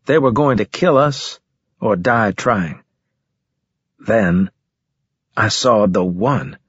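Husky man narrating a story. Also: fairly low pitch, slow, a bit bright, dry recording, lo-fi sound. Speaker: audiobook narrator. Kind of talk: first-person scripted narration.

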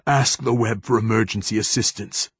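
A man's voice: on the low side, steady tone, normal speed, slightly rough, no room sound. A man voicing a desperate male Jesuit priest, pleading and urgent in an audiobook.

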